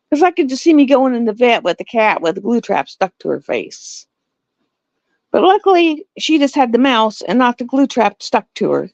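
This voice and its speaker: A middle-aged woman, hosting a livestream and telling stories in a casual, animated way. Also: a little high, normal speed, gravelly, dry recording. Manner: animated storytelling with laughs. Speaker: livestream host. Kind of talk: casual chat. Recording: dull lo-fi dry sound.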